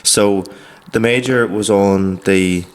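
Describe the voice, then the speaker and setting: A man's voice: lowish voice, fairly even intonation, takes it slowly. A man, teasing and telling stories in casual podcast banter with swearing. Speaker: podcast co-host.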